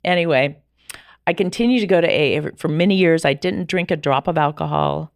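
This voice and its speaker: A middle-aged woman telling her personal story as a podcast guest, lively and acting out the dialogue she remembers. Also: deep voice, fairly quick, gravelly, dry recording, clean studio sound. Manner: animated, acts out quoted dialogue.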